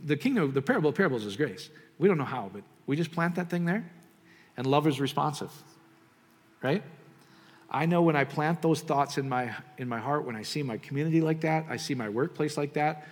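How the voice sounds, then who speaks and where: A man preaching a sermon, joking and animated at times, then softer and prayerful. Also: on the high side, fairly quick. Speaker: pastor. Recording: reverberant hall.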